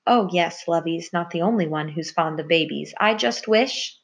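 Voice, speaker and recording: A woman voicing a gentle, fond male white mouse, once a pet, speaking fondly and gently. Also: on the low side, normal speed, vocal fry.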